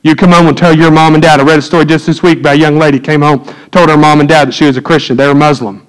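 A man, preaching a sermon in a church, swinging from loud emphatic peaks to low quiet asides. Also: fairly even intonation, racing, clear, resonant tone, rough recording. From United States. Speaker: pastor. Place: church sanctuary.

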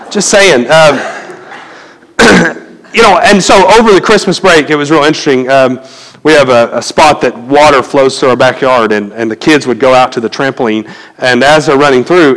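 A man's voice: mid-range voice, fairly bright tone, long reverb tail, rough recording. A man preaching a sermon as pastor, talking conversationally and asking the congregation questions.

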